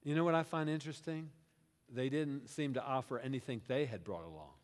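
A male pastor with a mid-range voice preaches a little fast in a reverberant church sanctuary. He narrates a scripture story with animation, speaking as "we" so his congregation feels present, and keeps asking them questions.

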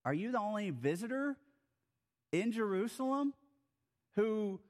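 A preacher voicing an incredulous disciple, pitched high. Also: male voice, long reverb tail. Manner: incredulous, rising questions. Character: puzzled male disciple on the road, incredulous.

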